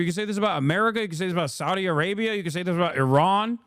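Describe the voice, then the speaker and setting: A man with a notably high-pitched voice rants through live-stream commentary, swearing freely and hammering his points. The sound is dry and close, with no room around it. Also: animated, racing, few pauses, a bit bright, dry recording. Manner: profane, ranting, emphatic. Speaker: streamer reacting to clips.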